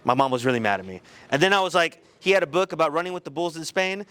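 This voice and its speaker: A man giving a motivational talk to high school students, telling a personal story in an animated, conversational way. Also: quick pace, clean tone. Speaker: guest speaker.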